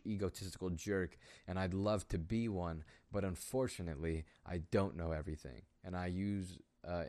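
Young man, solo podcast host, low-pitched, meandering and self-mocking, reads his own story. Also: a little mellow. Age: young adult. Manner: rambling, self-mocking, with many fillers.

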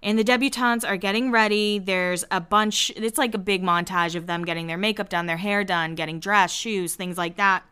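A woman in her thirties hosting a podcast, recapping a TV episode in casual chat, full of "like" and quick asides. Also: mid-range voice, steady tone, pushed and bright, clean tone. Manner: chatty, peppered with "like", quick asides. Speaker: podcast host recapping a TV show.

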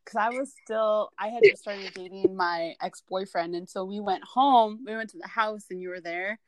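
A woman's voice: mid-range voice, moderate pace, a little mellow, slight background noise. A young adult woman calling in to a casual chat, telling stories with frequent laughter and acted-out quotes. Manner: storytelling with laughter, acts out quoted lines. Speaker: caller.

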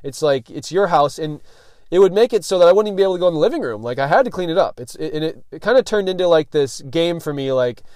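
A young man with a slightly high voice tells a story on his podcast. His talk is loose and slangy, packed with "like" and "dude", and he swears freely. The sound is dry and close. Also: expressive, fast, a little mellow, no echo. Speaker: podcast host.

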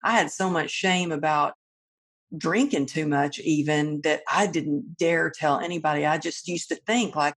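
Husky middle-aged woman, low voice, opening up about her life in a chat. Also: a little slow. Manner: open, confessional storytelling. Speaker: podcast host. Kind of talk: candid personal conversation.

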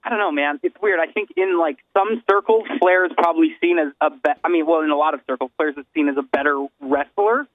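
A man's voice: a little high, fast, hardly any pauses, dry recording. A man co-hosting a casual wrestling podcast who hesitates and searches for his words. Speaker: podcast co-host. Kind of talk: casual chat. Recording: dry, phone-like sound.

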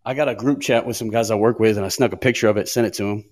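A man's voice: fairly low pitch, very fast, a little mellow. A man who works in an emergency department, chatting casually about a coworker. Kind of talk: casual chat.

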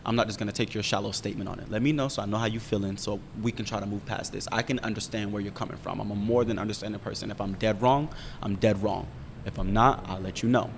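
A young man in casual chat, candidly telling a story, profane and animated as he talks. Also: gravelly. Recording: roomy reverb with faint rumble.

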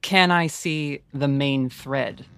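A woman's voice: a bass voice, slow, a bit bright, clean tone, no echo. A woman playing a tabletop role-playing game, talking bluntly and swearing casually. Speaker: player.

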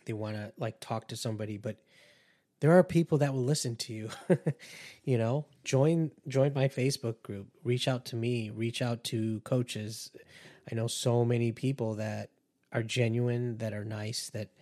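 A man's voice: medium pitch, fairly even intonation, normal speed, dark tone. Earnest man hosting a casual podcast. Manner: earnest and conversational, warning listeners. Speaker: podcast host and empath coach.

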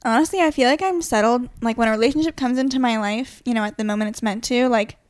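Young woman, kinda high voice, chill and frank, dry sound. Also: quick pace, no echo. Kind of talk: casual chat.

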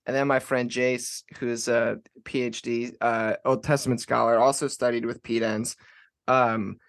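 A man hosting a podcast interview in casual conversation, rambling and halting with many fillers and restarts. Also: medium pitch, level tone. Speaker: podcast host.

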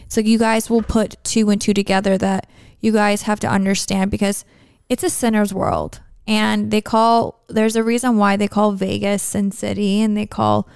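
A woman's voice: medium pitch, flat delivery, normal speed, gravelly, darkish tone, clear, resonant tone, dry recording, studio quality. A young woman hosting a podcast, chatting in a rambling, earnest way about her faith and daily life. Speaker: podcast host. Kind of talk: casual podcast chat.

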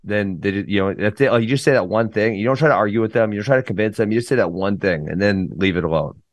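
A man with a medium-pitched voice recorded close and dry, co-hosting a casual podcast. He speaks bluntly and with strong opinions, ranting about behavior he can't stand. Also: fast talker, no room sound, highs cut off. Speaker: podcast co-host and wrestling coach. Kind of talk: casual chat.

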